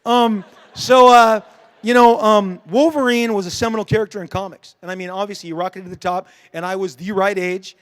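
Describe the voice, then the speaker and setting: High-pitched, animated middle-aged man at a panel. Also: brisk, clean tone. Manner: animated storytelling, joking with the audience. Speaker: comic book creator on a convention panel. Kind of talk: convention panel Q&A. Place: dark convention panel room.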